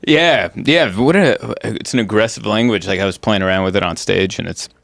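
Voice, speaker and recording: A man's voice: on the low side, a little fast, creaky, no echo, clean studio sound. A man in his thirties hosting a casual comedy podcast, telling stories and laughing often. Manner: laughs often, animated storytelling.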